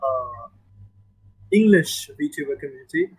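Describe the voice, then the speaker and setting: A man with an Indian accent, part American, talking in a casual podcast chat, animated and given to repeating words for emphasis. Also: medium pitch, measured pace, slightly rough, poor audio. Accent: Indian, mixed with American.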